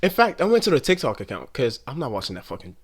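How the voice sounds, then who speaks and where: A man's voice: medium pitch, wildly swooping pitch, quick pace, husky. A young man giving a casual, rambling commentary rant full of slang and swearing.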